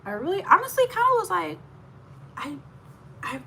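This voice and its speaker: A woman telling her own story in a candid vlog, animated and laughing often, full of asides. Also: very high voice, moderate pace, vocal fry, a little hiss or hum. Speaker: vlogger.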